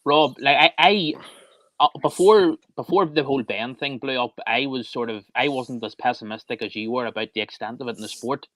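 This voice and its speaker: Hesitant man with halting restarts. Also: mid-range voice, steady tone, fairly bright tone, no echo, poor audio. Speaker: podcast co-host. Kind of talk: casual chat.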